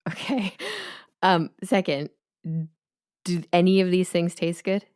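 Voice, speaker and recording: A woman's voice: fairly low pitch, fairly even intonation, slow, a little mellow, no echo. A woman in her thirties with a slight lisp, co-hosting a podcast in casual chat and teasing her friend dryly. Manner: dry, teasing. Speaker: podcast co-host.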